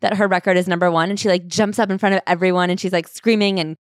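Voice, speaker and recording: Excitable woman retelling a story. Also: on the low side, fast talker, dry recording, clean studio sound. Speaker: podcast co-host. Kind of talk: casual book-club chat.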